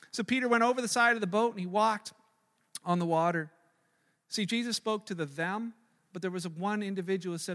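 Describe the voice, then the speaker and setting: A man preaching a sermon as a pastor, animated and acting out the voices he quotes, often repeating words as he presses a point. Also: sits high. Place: church sanctuary. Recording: long reverb of a large hall.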